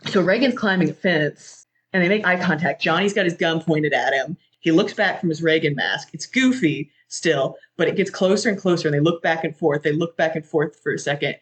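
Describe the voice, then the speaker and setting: A podcast host gives a casual, animated retelling of a film scene, swearing and leaning heavily on fillers like "like". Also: medium pitch, fairly quick.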